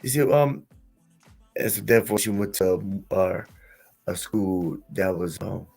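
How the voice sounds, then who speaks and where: A man hosting a relaxed conversation, his voice sitting a little low. He tells stories with animated quoted lines and chuckles at his own jokes. Faint music plays under him. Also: unhurried, vocal fry. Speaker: podcast host. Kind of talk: casual conversational commentary.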